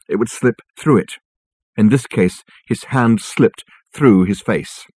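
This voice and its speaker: A man reading an audiobook in measured, dry storytelling on a close studio mic. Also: medium pitch, a little mellow, husky, no echo. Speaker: audiobook narrator. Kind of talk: scripted audiobook narration.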